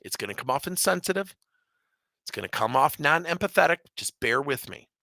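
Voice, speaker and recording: A middle-aged man from Wisconsin, a business coach telling stories in an energetic keynote, acting out quotes and jumping up in pitch for emphasis. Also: fairly quick, vocal fry, dry recording. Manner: animated, jumps high in pitch for emphasis, acts out quotes.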